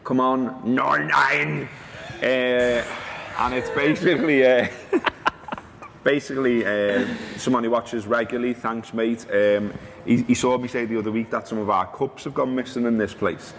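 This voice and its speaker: A man's voice: medium pitch, moderate pace, long reverb tail, noisy background. A man hosting a football podcast in a loose, teasing chat, tripping over names. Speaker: podcast host. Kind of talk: casual chat.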